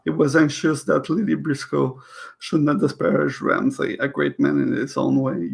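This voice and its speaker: A man's voice: on the high side, gravelly. A man reading a novel aloud in a casual way, stumbling over words, rereading them, and breaking off into chatty comments. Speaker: reader of a novel. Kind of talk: casual read-aloud with asides.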